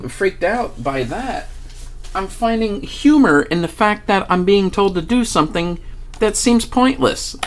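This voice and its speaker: In a high voice, a male vlogger recounts a personal story, casual and animated, swearing freely and laughing a lot.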